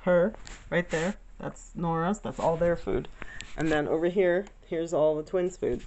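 A woman casually telling a rambling, affectionate story about her pets at home. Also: fairly low pitch. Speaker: vlogger. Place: home bedroom.

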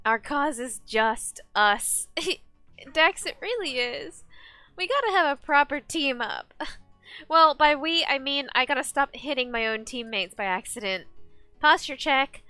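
Young woman game streamer, high and bright, lively pitch swings, unhurried delivery, faint music behind. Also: no room sound. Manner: excitable, laughs and shrieks at the game. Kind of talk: casual live gaming stream chat.

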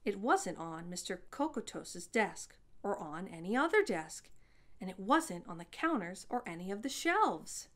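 A woman reading a children's story aloud as storyteller, with an expressive delivery. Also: medium pitch, measured pace.

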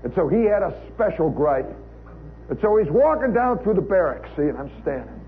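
On a live radio show, an American man tells a humorous story in a wry, conversational manner, sprinkling in frequent "you know" asides. His high-pitched, sing-song voice moves at normal speed, and the tinny 1960s broadcast recording carries a faint hiss.

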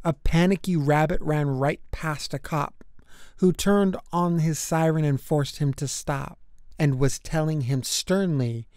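An unhurried storybook reader with a smooth, clean voice that rolls through rhyming verse with a lilting beat. The characters get playful little voices of their own. The sound is close and dry, with no room around it. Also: medium pitch, steady tone, darkish tone, no room sound. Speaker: children's book reader. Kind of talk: storybook read-aloud.

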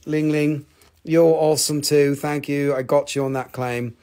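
A man's voice: fairly high pitch, steady tone, measured pace, darkish tone. A man casually hosting a live crystal sale, joking and swearing. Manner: joking, profane, rambling. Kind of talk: casual live-stream sales chat.

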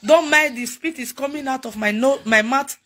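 A young Nigerian-accented woman with a high voice weeps while repeatedly and emotionally begging for help as a mother, speaking at a normal pace. It's a tearful public appeal, with a crowd nearby and loud music playing behind her.

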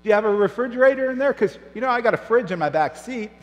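A pastor putting on a squeaky bragging cheap-car driver. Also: male voice, expressive, quick pace, in a large hall. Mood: cheeky boasting. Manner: high, loud and bouncy. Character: chirpy boastful man driving a cheap small car.

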